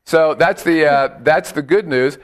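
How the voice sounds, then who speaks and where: A man's voice: a little high, a little slow. A man hosting a casual chat show, telling jokey stories and slipping into silly put-on voices. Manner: jokey, animated storytelling with hillbilly put-on bits. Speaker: show host.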